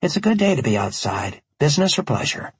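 Male narrator as a chatty young female train conductor, audiobook, raised pitch, very husky edge. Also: big pitch swings, fairly quick, dry recording, full character voice. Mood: friendly. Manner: chatty, eager. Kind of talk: audiobook character voice.

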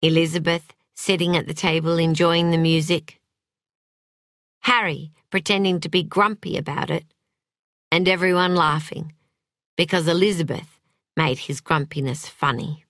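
A woman narrating a novel in an expressive, dramatic reading style, recorded on a close studio mic. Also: low voice, moderate pace, dry recording. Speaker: audiobook narrator. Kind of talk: scripted narration.

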